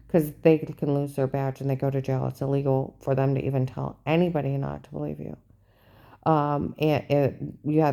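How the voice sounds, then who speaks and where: A woman with a deep, fry-edged voice talks straight to the camera in a long, rambling monologue. She sounds aggrieved and agitated, circling back over the same points. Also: warm tone. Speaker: vlogger recounting a personal ordeal. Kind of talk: rambling first-person monologue.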